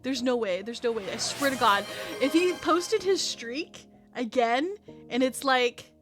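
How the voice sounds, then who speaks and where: Very high voice, woman in her thirties, rambling and swearing, faint music behind. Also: expressive, measured pace, fairly bright tone. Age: 30s. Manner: rambling, profane, laughs a lot. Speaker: streamer. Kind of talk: casual storytelling chat.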